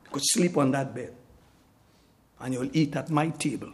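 Preacher doing a gentle kindly man, hushed, low, tender, welcoming. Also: normal speed, a little hiss or hum, lightly acted.

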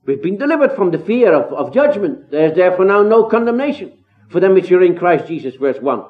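A man's voice: high-pitched, big pitch swings, a little fast. A man preaching an expository sermon, earnest and emphatic, with rhetorical questions and rising exclamations. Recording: tinny phone-like sound.

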